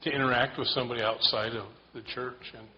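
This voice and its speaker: A man telling a casual, self-deprecating story to a church group in a relaxed way. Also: medium pitch, quick pace. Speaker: church member sharing a story. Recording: dull lo-fi sound with faint noise.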